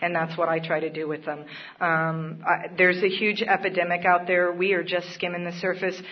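A woman's voice: fairly low pitch, flat delivery, normal speed. A woman speaking at a recovery meeting, sharing her own story in an earnest, plainspoken way with occasional laughs. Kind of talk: personal testimony at a support meeting. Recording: dull lo-fi recording.

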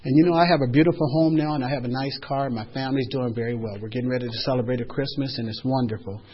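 Husky older man giving earnest testimony. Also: medium pitch, fairly even intonation, very fast. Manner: emotional, earnest storytelling. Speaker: speaker at a recovery meeting. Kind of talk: heartfelt personal testimony. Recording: dull lo-fi recording.

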